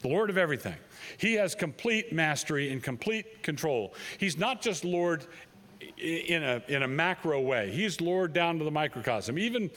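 Male preacher mid-sermon; animated, slightly high delivery, hammers points by repeating them. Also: normal speed. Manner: emphatic, repeats phrases for stress. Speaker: pastor.

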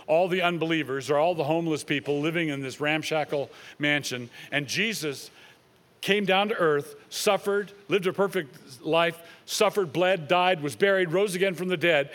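A man's voice: fairly high pitch, moderate pace, fairly bright tone. A man preaching an expository sermon, reading scripture aloud and explaining it in earnest. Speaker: pastor.

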